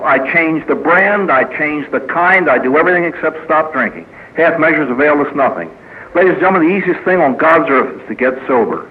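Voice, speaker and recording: A man's voice: mid-range voice, phone-quality sound, slight background noise. A man who is a priest, speaking at a recovery meeting in a folksy storytelling manner with jokes and acted quotes. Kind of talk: speaker meeting talk with humor. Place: meeting hall before a live audience.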